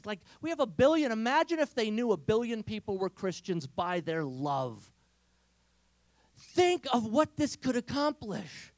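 Lively high-voiced man speaker. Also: no room sound. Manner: energetic, humorous storytelling. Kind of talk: inspirational talk to teens.

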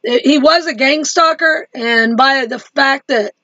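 Chatty high-voiced woman vlogging. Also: a little slow, sharp tone, no room sound, dull audio. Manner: chatty, talks straight to viewers, laughs easily. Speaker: Christian vlogger. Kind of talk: casual religious video diary.

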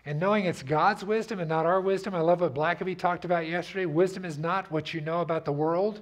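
A man's voice: sits high, steady tone, fast, few pauses. A man preaching a sermon as pastor, telling stories in a conversational way and asking the congregation to repeat after him. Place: church sanctuary.

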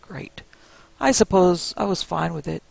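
A man narrating a first-person spooky story in a measured, suspenseful way. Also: sits high, lively intonation, gravelly, no echo, low-quality recording.

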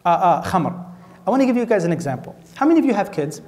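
A man from Minnesota delivers an Islamic talk in a high-pitched voice. He speaks conversationally, peppering listeners with rhetorical questions and light jokes. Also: fast talker. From Minnesota, USA. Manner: asks the audience rhetorical questions, animated and joking. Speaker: sheikh giving a lecture.

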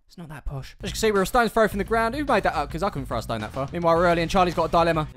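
High, fast-talking man narrating. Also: lively intonation, a bit bright. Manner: dry, sarcastic asides. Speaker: vlog host and narrator. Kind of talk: jokey scripted voice-over narration. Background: background music.

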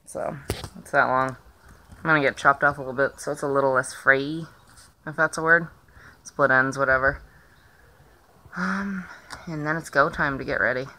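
A woman chatting casually in a vlog, rambling along with lots of filler pauses, filming herself on a phone outdoors. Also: extremely low pitch, bright, forceful tone, a little hiss or hum. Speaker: vlogger. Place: outdoors in the sun.

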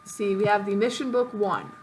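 A woman's voice: medium pitch, normal speed, a little mellow, soft background music. A woman hosting a let's-play video, chatting through a game in a playful, mock-dramatic way. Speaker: gaming video host.

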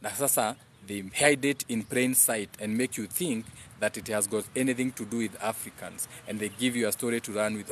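A live stream host with a lowish voice delivers a brisk, rambling monologue with hardly any pauses while reading comments, and there's a little hiss or hum. He rants preachily, switching between English and Swahili mid-sentence and repeating phrases in chant-like bursts.

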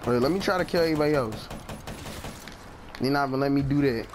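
Excitable young man yelling over gameplay. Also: fairly high pitch, fast talker, long pauses. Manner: excitable, yelps and laughs, slangy. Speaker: gaming channel host. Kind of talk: live gameplay commentary. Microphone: gaming headset. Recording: background noise.

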